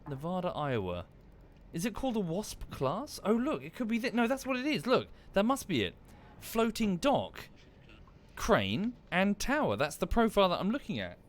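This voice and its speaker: A man's voice: high voice, wildly swooping pitch, normal speed. A man streaming a game from home, thinking aloud in casual commentary with muttered asides and self-corrections. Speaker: gaming streamer.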